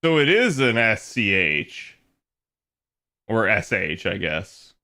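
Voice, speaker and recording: A man's voice: lowish voice, big pitch swings, slow, vocal fry, pushed and bright. A man chatting casually on a livestream, rambling with lots of fillers and frequent laughter. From United States. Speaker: streamer.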